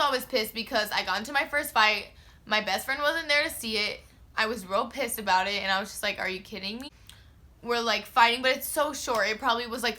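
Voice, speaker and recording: Bright-voiced young woman telling a story. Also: on the high side. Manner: slangy and profane, lots of filler "like"; expressive, acts out her own quotes. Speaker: vlogger. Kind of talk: casual storytime.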